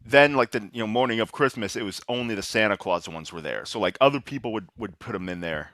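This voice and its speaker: A man chatting casually on a podcast, telling stories in a relaxed way with lots of fillers. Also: lowish voice, fast talker, no room sound, studio quality. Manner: relaxed storytelling, many fillers. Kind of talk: casual chat.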